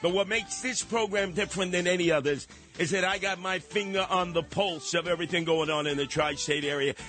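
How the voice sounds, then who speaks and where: Brash, high-voiced talk radio host. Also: male voice, a little fast, fairly bright tone, soft background music. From New York. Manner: brash, sarcastic, mocking put-on voices. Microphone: studio microphone.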